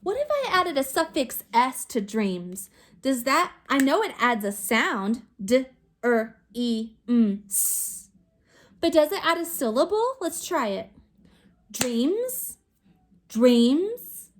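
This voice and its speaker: A woman teacher recording a video phonics lesson for young children, sounding out words slowly and clearly. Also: high-pitched, a bit bright. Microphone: recorded to camera for remote students.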